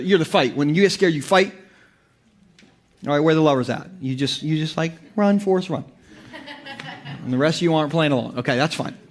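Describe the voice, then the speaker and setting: A male pastor with a high voice preaches in a loose, joking style. He talks to the congregation as if in conversation, often stopping and restarting mid-sentence. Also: fairly bright tone. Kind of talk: sermon.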